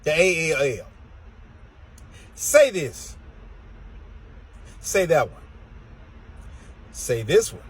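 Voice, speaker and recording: A man delivers an exasperated comic rant with a husky, slightly raspy edge. His pitch sits a little high and swings widely as he drags words out for emphasis, in a loose drawl. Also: very animated, extremely slow, pauses often, low-quality recording. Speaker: comedian. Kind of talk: comedic rant to camera.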